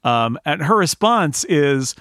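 In a fairly high-pitched voice, a male co-host speaks slowly while chatting about a TV episode on a podcast. He animatedly acts out quoted lines, and the studio sound is clean and dry.

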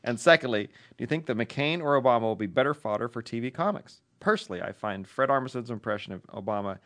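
A man at a mid-range pitch, co-hosting a loose podcast and reading listener mail aloud. He keeps it dry and jokey, breaking into laughs as he goes. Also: animated, fast talker, fairly bright tone. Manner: dry, joking, laughs often. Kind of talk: casual chat and reading a letter aloud.

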